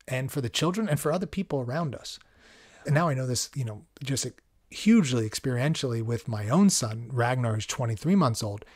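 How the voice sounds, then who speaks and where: A man talks in an easy, conversational way. He is a podcast host, speaking reflectively in a calm, unhurried monologue. His voice sits at an ordinary male pitch.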